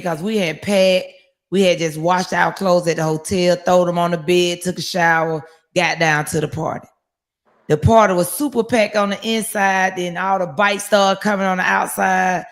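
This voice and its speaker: A woman tells her story in a lively, loose way. She acts out the voices of the people in it and curses casually as she goes. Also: fairly low pitch. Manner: animated storyteller, acts out quotes, swears casually. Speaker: guest, raffle winner.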